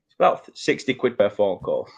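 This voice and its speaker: A man's voice: on the low side, big pitch swings, fairly quick, gravelly. A man with a Northern English accent hosting a casual football prediction chat, joking and laughing through banter. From Northern England. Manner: jokey, laughs often, banter. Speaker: show host.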